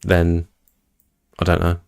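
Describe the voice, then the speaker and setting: A man's voice: deep voice, completely flat delivery, slow, creaky, darkish tone. A man, hosting a livestream and telling a rambling, chatty story to his viewers at home. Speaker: livestream host. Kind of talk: casual storytelling to a live chat. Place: indoors at home.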